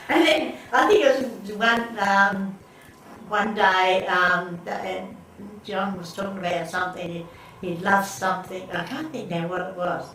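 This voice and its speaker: Family stories come from an older woman in casual conversation as an interviewee, full of restarts, rambling and frequent laughs. Her medium-pitched voice is fairly bright and a little slow, recorded far off in an echoey space with faint background noise.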